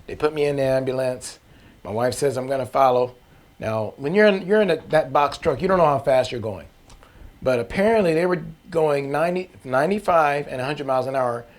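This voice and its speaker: A man's voice: fairly high pitch, expressive, a little fast. A man giving a personal faith testimony in an earnest, candid, conversational way, with folksy phrasing. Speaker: testimony speaker.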